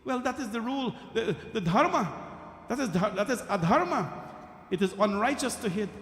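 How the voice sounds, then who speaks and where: A man's voice: high voice, animated, moderate pace, fairly bright tone, voice pushed up. A man voicing the warrior Bhim in a temple story, earnest and pleading, heard in a reverberant hall.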